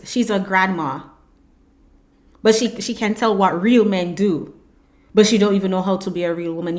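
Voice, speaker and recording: A woman host gives reaction commentary in a mid-pitched voice. She is blunt and sarcastic, with a scolding edge.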